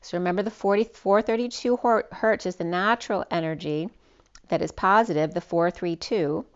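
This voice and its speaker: A woman with a fairly low voice talks her way through a spiritual tarot reading, rambling and restarting her words as she goes. The recording sounds dull and lo-fi. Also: moderate pace, clear, resonant tone. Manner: rambling, with frequent restarts and ums. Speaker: tarot reader.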